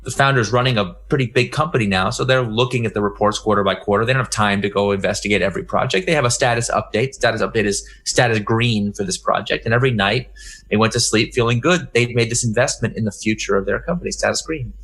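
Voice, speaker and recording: A man's voice: on the low side, fast talker. A middle-aged man giving a conference talk, telling a story and acting out the dialogue in a raised voice. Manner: animated anecdote, acts out dialogue in raised voice. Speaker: keynote speaker.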